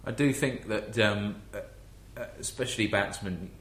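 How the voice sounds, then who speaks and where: Deep-voiced English man, echoey room. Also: moderate pace, a bit bright, slight background noise. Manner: rambling, many restarts. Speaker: podcast host. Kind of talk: casual chat.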